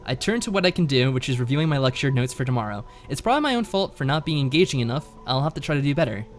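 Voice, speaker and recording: A man's voice: mid-range voice, racing, soft background music. Laid-back man reading a game aloud. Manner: laid-back, reads narration aloud with lively inflection. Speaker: streamer.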